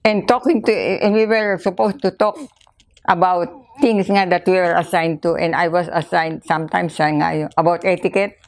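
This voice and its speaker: An older woman with a Filipino accent, recounting memories in a halting way, repeating words and slipping into Tagalog. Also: lowish voice, fairly even intonation. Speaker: interviewee. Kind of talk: casual storytelling interview.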